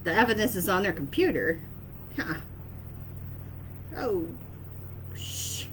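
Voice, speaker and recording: A woman's voice: mid-range voice, very animated, slow pace, slight background noise, rough recording. A woman speaking casually to her viewers as an intuitive reader, hesitant, with many fillers and checks of "okay?". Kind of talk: casual spoken message to camera.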